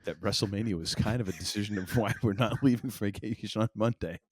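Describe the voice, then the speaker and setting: A man's voice: fairly low pitch, fast, a little hiss or hum. A man from Maine co-hosting a wrestling podcast, talking in a loose, rambling way with many fillers and restarts. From Maine, USA. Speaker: podcast co-host. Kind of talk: casual chat.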